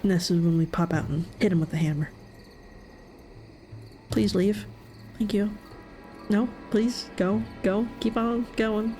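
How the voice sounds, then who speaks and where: Woman, game playthrough commentary, slow delivery, jokey, nervous laughs. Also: medium pitch, fairly even intonation, dark tone, faint music behind. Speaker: gaming video creator.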